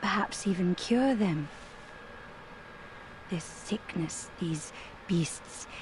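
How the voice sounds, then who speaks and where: A soft-spoken, courteous doctor. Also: female voice, on the low side, background noise. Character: polite woman clinic doctor, composed, secretive. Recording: game audio with faint ambience.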